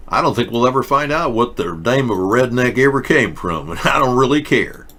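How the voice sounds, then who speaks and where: A man's voice: medium pitch, expressive, a little fast, bright, forceful tone. A man hosting a casual talk show, mocking and sarcastic, switching between joking rants and mumbled reading aloud. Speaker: host. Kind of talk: casual comedic commentary.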